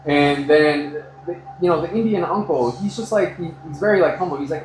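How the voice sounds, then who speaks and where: An American man chatting casually during a haircut, telling animated stories and swearing freely. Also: on the high side, fairly quick, reverberant, slight background noise, poor audio. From United States. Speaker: customer getting a haircut. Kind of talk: casual chat, storytelling.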